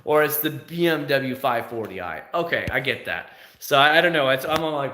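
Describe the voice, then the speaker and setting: A man's voice: medium pitch, lively intonation, brisk, few pauses, pushed and bright, roomy sound, a little hiss or hum. A man in his thirties hosting a livestream, chatting casually and answering comments as they come in. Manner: rambling, answers chat comments. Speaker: livestream host.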